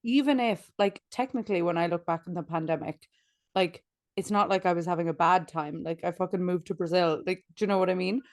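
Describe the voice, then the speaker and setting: A woman in her late twenties, her voice fairly low and brisk, co-hosts a podcast from bed in a casual chat. The recording is dry and studio quality, and she rambles with lots of "like" and frequent laughs.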